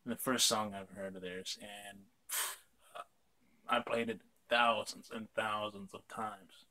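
A man's voice: lowish voice, flat delivery, slow, pushed and bright. A young man chatting casually on his vlog, rambling with lots of fillers and casual swearing. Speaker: vlog host. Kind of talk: casual chat.

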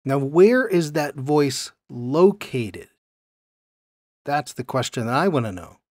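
A man's voice: fairly high pitch, big pitch swings, slow, darkish tone, no echo. Man teaching Bible passages, dry sound. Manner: explanatory, stresses key words, reads verses aloud.

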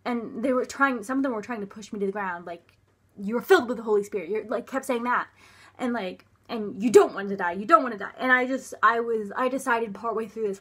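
A young woman vlogger tells a personal story to camera haltingly, restarting often, using lots of filler words and sometimes sinking to a near whisper. Her voice is fairly high, sharp and husky.

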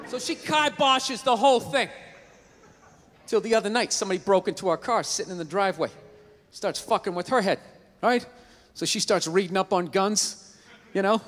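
A stand-up comedian tells a profane, ranting story. His voice is very high and sharply bright, and it carries on a long reverb from a live hall with a faint hum behind it. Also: normal speed.

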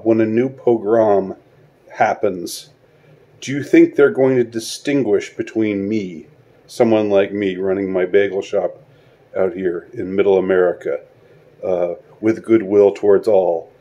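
A man delivering a spoken video monologue, halting and searching for words, with sarcastic rhetorical questions. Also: lowish voice, mellow. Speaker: online commentator.

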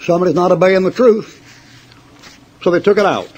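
An older man preaches to his congregation in a high, husky voice, combative and folksy, cracking mocking jokes. The recording is a dull, lo-fi church tape. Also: lively intonation, moderate pace. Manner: folksy, combative, mocking, tells joke stories and laughs at them. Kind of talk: fiery sermon with jokes.

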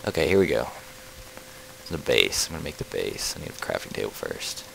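A very low, gravelly male voice that jumps all over the place, joking and trash-talking animals as he plays. Easily sidetracked, he chats casually to his viewers. Clear background noise runs through a rough home recording. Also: very animated, a little fast, fairly bright tone, rough recording. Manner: playful, jokey trash talk at game animals; rambling, easily distracted chatter. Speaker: let's play host. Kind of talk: casual gaming commentary.

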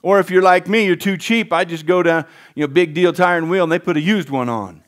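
A man's voice: high voice, brisk. A male pastor preaching a sermon in a folksy way, often calling out to the congregation for a response.

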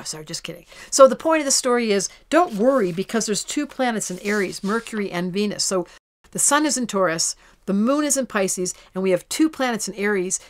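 A woman astrologer giving a casual horoscope talk to camera in a playful way, drawing out her soft words. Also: fairly high pitch.

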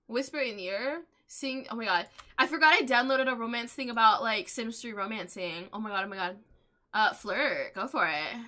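A young woman host chatting excitedly over her gameplay, with many gasps, laughs and quick exclamations. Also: fairly high pitch. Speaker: gaming channel host. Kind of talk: casual gameplay commentary.

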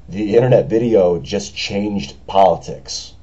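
Raspy, hoarse young man, deep and dark. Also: moderate pace, lo-fi sound. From United States. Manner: earnest, frustrated, rambling with many fillers. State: hoarse after a party. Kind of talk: casual video message. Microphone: camera microphone.

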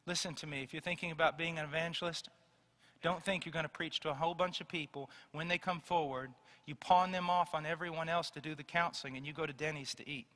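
A man's voice: a little high, steady tone, quick pace, sharp tone, long reverb tail. A man preaching a fervent, emphatic sermon.

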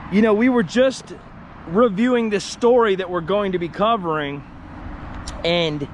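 A man vlogging to the camera while exploring outdoors, excitable and chatty, swearing freely. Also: high voice, slight background noise. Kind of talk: walking vlog narration to the camera.

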